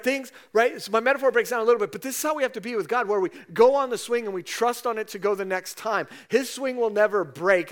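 A middle-aged pastor preaches a sermon in a conversational, storytelling style, often tagging "right?" onto the end of his sentences. His voice sits high.

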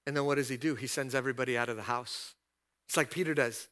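A male pastor preaching a sermon, retelling scripture scenes and building to loud, emphatic repeated questions. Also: mid-range voice, steady tone, quick pace.

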